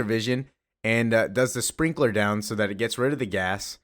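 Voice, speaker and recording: A man's voice: lowish voice, normal speed, a bit bright. A man casually retelling a comic story, rambling along with frequent fillers and restarts. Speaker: comics commentator.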